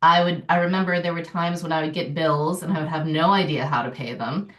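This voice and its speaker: Middle-aged woman, lowish voice, podcast guest, lively and laughing, roomy off-mic sound. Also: brisk, recorded from a distance. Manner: animated, laughing often, lively storytelling. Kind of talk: casual podcast conversation.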